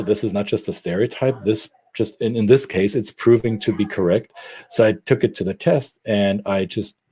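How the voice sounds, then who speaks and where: Middle-aged guy cohosting a chat show, lowish voice, tells stories with lots of restarts. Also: slightly rough. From Germany. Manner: animated storyteller with frequent restarts. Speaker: podcast co-host. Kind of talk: casual storytelling chat.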